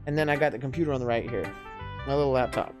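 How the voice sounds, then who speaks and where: A man's voice: medium pitch, very fast, over music. Casual man reading a game aloud. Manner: casual, joking, rambling asides. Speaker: gameplay video host. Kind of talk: reading a visual novel aloud with asides. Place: living room, sitting in a recliner. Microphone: mic right next to him.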